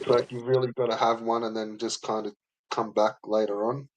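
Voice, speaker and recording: A man's voice: medium pitch, flat delivery, moderate pace, slight background noise, rough recording. A man chatting casually online as a co-host, laid-back and sweary. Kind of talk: casual chat.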